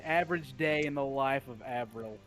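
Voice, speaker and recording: A man's voice: mid-range voice, normal speed, a bit bright. A man chatting with fellow tabletop players, teasing them with wry asides. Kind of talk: casual chat among players.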